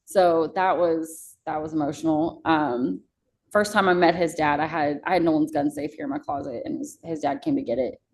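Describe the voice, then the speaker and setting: Podcast guest: young woman, low and gravelly, candid storyteller who curses freely. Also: fairly even intonation, normal speed, rough recording. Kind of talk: casual emotional storytelling.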